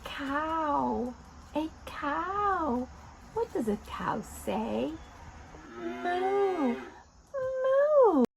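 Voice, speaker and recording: A woman hosting an interactive lesson for toddlers, talking directly to small children in an animated, coaxing way. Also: high voice, very slow, creaky, slight background noise, poor audio. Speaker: children's video host.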